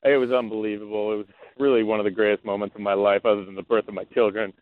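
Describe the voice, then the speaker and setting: A man who founded a racehorse syndicate, telling a story in an interview, excited and rambling with many fillers and restarts. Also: fairly low pitch, racing. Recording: tinny phone line.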